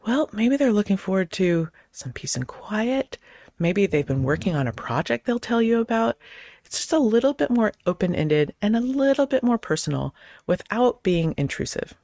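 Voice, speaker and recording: Lively woman host acting out small talk. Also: medium pitch, normal speed, no room sound, clean studio sound. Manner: acts out both sides of sample conversations in lively voices. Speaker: podcast host; clergy. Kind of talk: casual advice talk.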